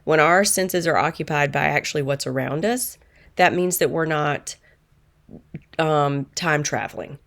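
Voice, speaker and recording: A middle-aged woman with a notably low voice tells a personal story in a calm, earnest way. She sounds reflective, like a coach sharing something she learned. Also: a little slow, creaky. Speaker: manifestation coach.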